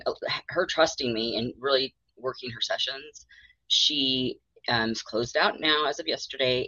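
A woman therapist with a very low, bright voice talks in a chatty, rambling way, acting out her own thoughts with a laugh. The sound is dry and a bit muffled. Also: no room sound. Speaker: mental health therapist, guest. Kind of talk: candid podcast interview.

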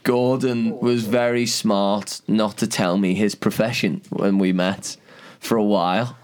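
A man's voice: lowish voice, fairly even intonation, measured pace, darkish tone. A man, hosting a casual podcast interview in a playful, teasing way. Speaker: podcast host.

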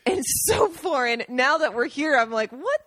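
Lively, laughing woman podcast co-host. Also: sits high, moderate pace. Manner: laughs often, animated and chatty. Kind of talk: casual chat. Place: home in Italy.

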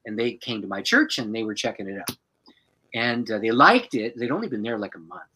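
A man who is a pastor, telling a personal story as a podcast guest in an animated way and chuckling often. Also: fairly low pitch, brisk, a little hiss or hum, rough recording.

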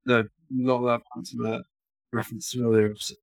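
A man's voice: medium pitch, level tone, fast, no echo. A man co-hosting a podcast, a father chatting casually in a teasing, laid-back manner. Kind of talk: casual chat.

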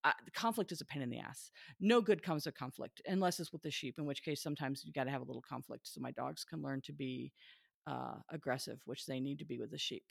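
A woman's voice: rumbling low, fast, gravelly, dry recording. Chatty woman dog trainer, dry sound. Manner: chatty, animated, laughs often. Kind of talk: casual chat.

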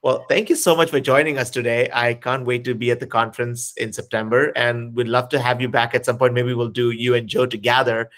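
A man's voice: mid-range voice, little pitch movement, a little fast, hardly any pauses, fairly bright tone. A man hosting an interview podcast, talking with enthusiasm and plenty of fillers. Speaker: podcast host. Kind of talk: casual interview chat.

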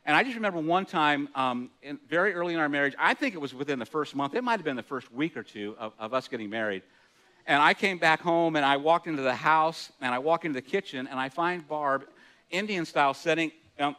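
A man's voice: on the high side, pushed and bright. A middle-aged man preaching a sermon as pastor, chatty and self-deprecating, laughing often and restarting his words. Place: church hall.

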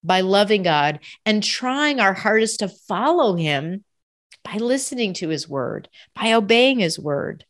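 A woman speaks in a slow, unhurried way as she gives a devotional reflection. Her tone is earnest and she often asks rhetorical questions. She breaks into short prayerful asides. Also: mid-range voice, expressive. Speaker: Catholic speaker reflecting on scripture.

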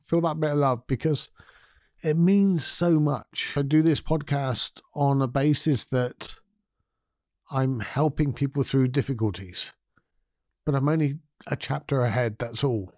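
Gentle, candid man hosting a podcast. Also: medium pitch, unhurried, no room sound, studio quality. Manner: gentle, candid, thinking aloud. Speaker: podcast host. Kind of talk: reflective solo podcast talk.

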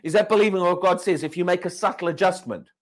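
A man's voice: high-pitched, fast. A man preaching a sermon, emphatic and questioning, repeating and restarting words as he drives his points home.

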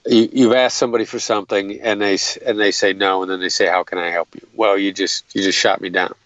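A man's voice: on the low side, level tone, quick pace, a bit bright, no room sound, lo-fi sound. A man explaining negotiation tactics in an interview, earnest and methodical, often restarting his sentences. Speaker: guest, hostage negotiator.

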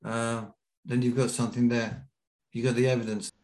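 A British man, a podcast guest, telling a lively anecdote and acting out the quotes. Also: mid-range voice, moderate pace. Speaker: podcast guest, BASE jumper. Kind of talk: storytelling in an interview. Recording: roomy echo.

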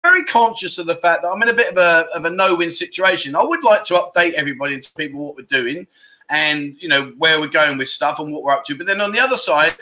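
This is a middle-aged man, chatting on a casual livestream. His voice is very bright and sits a little high for a man. He teases his viewers and restarts his sentences often. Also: fast. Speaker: livestream host.

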